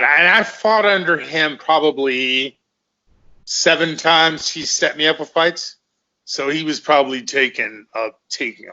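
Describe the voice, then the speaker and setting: Middle-aged guy rambling through old stories, swears a lot, forceful voice, dull lo-fi audio. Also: fairly high pitch. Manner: rambling, profane, repeats himself. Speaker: former fighter, guest. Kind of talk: casual storytelling in conversation.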